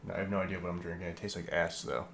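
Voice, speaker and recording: Low-voiced man, stuffy and sick. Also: flat delivery, rapid-fire, a bit bright, slight background noise. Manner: joking, teasing. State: stuffy-nosed, a little sick. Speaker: podcast co-host. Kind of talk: casual chat.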